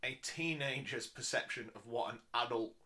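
A man's voice: mid-range voice, moderate pace, pushed and bright. A man co-hosting a casual podcast chat, dry and wry, steering the talk along. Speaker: podcast co-host.

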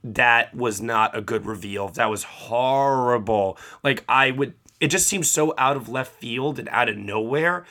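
A man's voice: mid-range voice, unhurried, few pauses, pushed and bright. A man co-hosting a casual film review chat, ranting at length with many fillers. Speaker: film podcast co-host.

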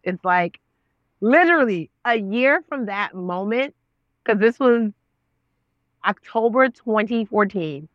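A woman in her thirties, a guest on an interview show, telling her story with lively voices for her own past words. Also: takes it slowly, pauses often, dry recording, highs cut off. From Nigerian family. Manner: expressive, acts out her own past words with big pitch jumps. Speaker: guest, actress and author.

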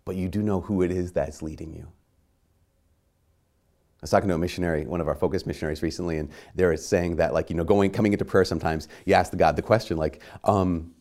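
A man's voice: low-pitched, steady tone, fast talker, a little mellow. A man giving a sermon in a conversational, self-mocking way, acting out little dialogues. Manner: conversational, self-mocking, acts out quoted voices.

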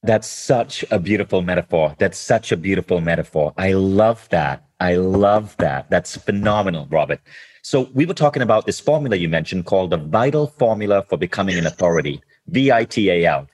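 Deep husky guy hosting, short little agreeing replies. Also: expressive, brisk, darkish tone. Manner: brief affirming responses. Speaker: interview host.

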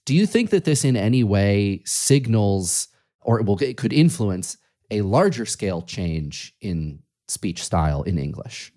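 A man hosting an interview, asking slow, deliberate, thoughtful questions. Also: lowish voice, dark tone. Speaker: podcast host.

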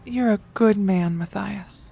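A woman's voice: mid-range voice, a little slow, gravelly, warm tone, husky, soft background music. A woman playing a bitter, drunk young woman.

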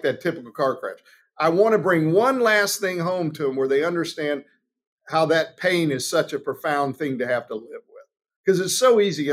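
A man, a trial lawyer, answering at length in a podcast interview, telling stories and acting out the people in them. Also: on the high side. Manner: animated storytelling, acts out quoted voices.

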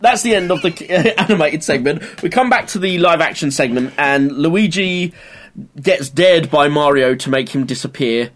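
A man co-hosts a casual podcast, recapping episodes in a joking, profane way. His voice sits a little high. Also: animated, moderate pace, fairly bright tone. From England. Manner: jokey, swearing, recaps episodes. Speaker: podcast co-host. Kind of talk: casual chat.

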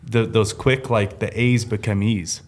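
A man hosting a podcast in casual chat, telling anecdotes in an animated way. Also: lowish voice, unhurried. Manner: animated storytelling, mimics others. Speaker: podcast host.

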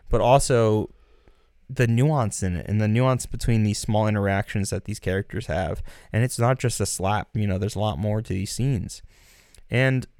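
A man's voice: fairly low pitch, darkish tone, clear, resonant tone, dry recording, studio quality. A man co-hosting a casual film discussion, enthused and emphatic, filling his speech with "like" and "so". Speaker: podcast co-host.

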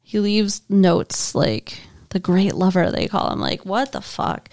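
A woman's voice: medium pitch, very animated, measured pace, vocal fry, a little mellow, dry recording. Casual female co-host, blunt, dry close sound. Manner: casual, blunt, groans in disgust. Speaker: podcast co-host. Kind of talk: casual movie discussion.

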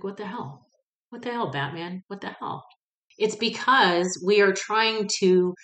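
Female podcast host, low-ish voice, candid and salty, animated storyteller, roomy echo on the recording. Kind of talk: casual personal monologue. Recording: echoey room.

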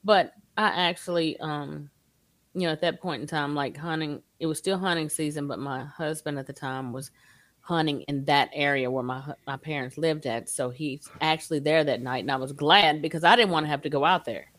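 Low-voiced woman telling a story. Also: normal speed, no room sound. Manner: animated, acts out voices in her story. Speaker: guest telling her encounter. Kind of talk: casual storytelling.

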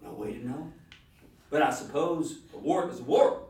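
An actor playing a crude, offhand male ranger sidekick with deadpan delivery. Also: medium pitch, moderate pace, natural voice. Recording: roomy, distant-mic recording.

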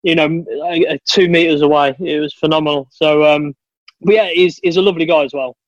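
A man's voice: on the high side, fairly even intonation, brisk, dry recording. A man chatting casually on a podcast, an enthusiastic storyteller who calls people mate. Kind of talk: casual chat. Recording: dull lo-fi dry sound.

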